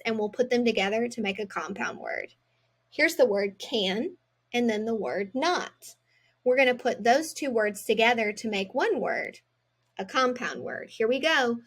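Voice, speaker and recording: A woman teaching a children's phonics lesson, sounding out each word clearly and encouragingly. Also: a little high, fairly bright tone.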